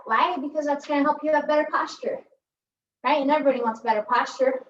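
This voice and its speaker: A woman's voice: high voice, fast, a little hiss or hum. A woman instructing a pilates workout in a chatty, joking way, often tagging her cues with "right?". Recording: echoey room, distant mic, dull sound.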